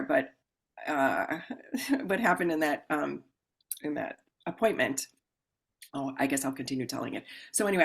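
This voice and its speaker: Woman podcast guest, slightly low voice, animated storyteller who acts out dialogue. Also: vocal fry. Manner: animated, acts out quoted voices with sudden loud exclamations; calm explaining voice when describing the ritual. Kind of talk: casual storytelling interview.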